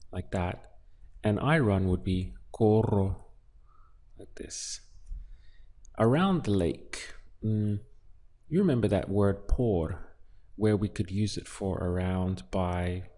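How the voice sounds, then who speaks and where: A man's voice: lowish voice, warm tone. A man teaching a Spanish lesson, explaining translations word by word. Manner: slow, explanatory, talks through each word. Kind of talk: relaxed language lesson.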